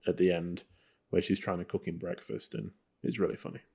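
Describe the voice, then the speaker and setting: A man's voice: deep voice, fairly quick, gravelly, slightly rough. A man co-hosting a film podcast, chatting casually about old movies with a loose, rambling manner and lots of fillers. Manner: relaxed, rambling, many fillers. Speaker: podcast co-host. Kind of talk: casual film review chat.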